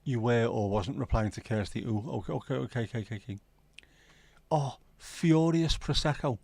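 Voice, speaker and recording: A man's voice: fairly low pitch, fast, gravelly, mellow, slightly rough, no echo. Sweary Scouse man rambling on stream. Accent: Scouse, South Liverpool. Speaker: livestream host. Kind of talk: casual livestream chat.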